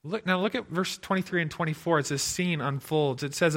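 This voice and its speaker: Bright-voiced male preacher. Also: on the high side, fairly quick, hardly any pauses. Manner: expressive preaching, shifting from loud emphasis to hushed tones. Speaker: pastor. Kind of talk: sermon.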